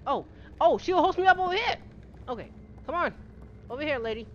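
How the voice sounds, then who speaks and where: A middle-aged woman with a high-pitched voice streams a game live, talking briskly, chatting casually, greeting viewers by name, and laughing often. The home-stream audio is slightly dull with steady noise.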